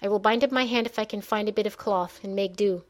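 A woman's voice: mid-range voice, quick pace, lightly acted. Old elven mage read by a woman, pained, clipped, urgent, storybook reading. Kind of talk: audiobook narration.

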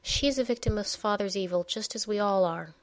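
A woman's voice: medium pitch, a little fast, dry recording, lightly acted. A woman voicing a young elven princess, bitter and reproachful, in an audiobook reading. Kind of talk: audiobook narration.

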